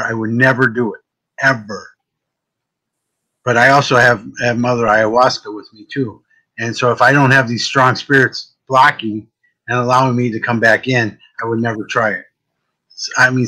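A man with a fairly deep voice and a bright, forceful tone, hosting a casual chat. He tells stories in an animated way, restarting and repeating words as he goes. His pitch sits in an ordinary middle range. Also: moderate pace, rough recording. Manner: animated storytelling, often repeats words at the start of a thought. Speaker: host, psychic medium.

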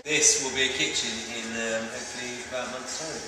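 A man's voice: medium pitch, normal speed, background noise. A man hosting a casual vlog, joking and rambling, sometimes mocking himself. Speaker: vlog host. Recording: echoey room with loud music behind.

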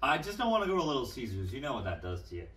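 A man co-hosting a casual chat show, telling stories in an animated way and swearing freely, in a room at home. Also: mid-range voice, rapid-fire, echoey room, recorded from a distance, slight background noise. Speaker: podcast co-host.

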